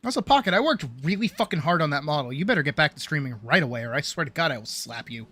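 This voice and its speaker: With a low voice at a fast clip and no room sound, this woman chats casually on her live stream, animated, heavily profane, and self-mocking. Faint music can be heard in the background.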